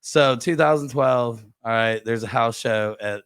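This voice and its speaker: A man's voice: medium pitch, unhurried, a bit bright, clean tone, no room sound. A man hosting a casual podcast chat, scattered and searching for names with lots of filler.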